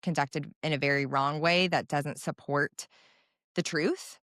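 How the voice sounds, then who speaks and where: A woman's voice: low-pitched, fairly even intonation, a little slow, fairly bright tone, no echo, studio quality. A woman co-hosting a podcast who recounts what was said and adds blunt, sometimes profane commentary. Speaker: podcast co-host. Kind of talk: casual podcast chat.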